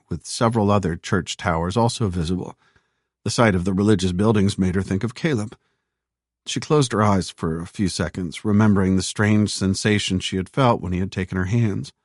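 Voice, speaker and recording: A man with a fairly low voice narrates an audiobook in a measured, even storytelling style. The recording is dry and close, with no room sound. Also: no room sound.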